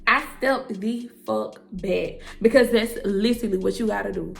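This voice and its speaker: A woman's voice: medium pitch, moderate pace, vocal fry, soft background music. A young woman, a hairstylist, telling her story to the camera in a blunt, emphatic way, swearing freely and calling her listeners girl and y'all. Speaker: hairstylist and entrepreneur.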